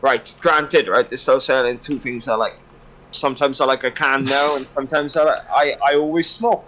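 A man's voice: medium pitch, steady tone, moderate pace, fairly bright tone, slight background noise. A man chatting casually as a podcast co-host, joking and laughing often. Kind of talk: casual banter.

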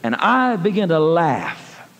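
A man preaching a sermon, telling a story in a folksy manner, calling listeners honey and rising to shouted praise. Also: a little high, wildly swooping pitch, takes it slowly, a little hiss or hum. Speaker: evangelist. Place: church. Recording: long reverb of a church hall.

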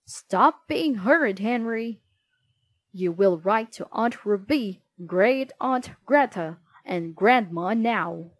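A woman voicing a stern, nagging mother who scolds loudly. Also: medium pitch, expressive, slow. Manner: loud scolding.

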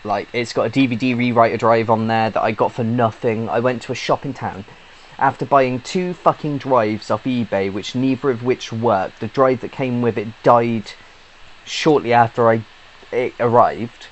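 A man's voice: mid-range voice, steady tone, moderate pace, a little hiss or hum, poor audio. A British man, a YouTube gamer, giving a casual rambling update, chatty and swearing freely with lots of fillers and restarts. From Britain.

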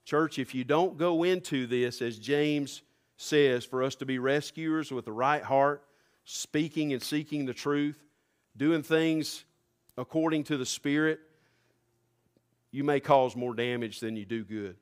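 A male pastor preaching a sermon, rising fervently to near-shouts. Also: mid-range voice, unhurried, clean tone.

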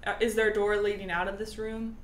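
A woman's voice: medium pitch, little pitch movement, fast talker. A woman playing in a tabletop game, speaking casually and hesitantly with many ums. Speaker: player. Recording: echoey room, faint noise.

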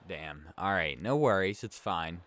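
A man's voice: sits low, animated, measured pace, fairly bright tone, slight background noise. A young man giving laid-back, yawning commentary while playing a hockey video game, reacting aloud to each play. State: sleepy, yawning. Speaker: let's play gamer. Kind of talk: casual gameplay commentary.

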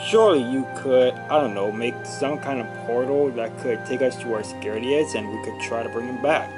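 A man voicing an eager female toy truck who talks in a hushed, urgent way. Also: medium pitch, fairly quick, over music, lightly acted.

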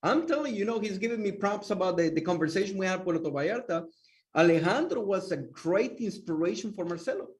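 A man's voice: high voice, lively intonation, fast talker, far from the mic. A man co-hosting a podcast, talking earnestly and repeating himself as he restarts phrases. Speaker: guest co-host. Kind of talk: casual chat.

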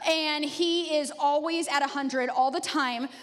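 A woman pastor in her thirties preaching a sermon in a church, telling stories in an animated way and laughing often. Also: high voice, measured pace, in a large hall. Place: church sanctuary.

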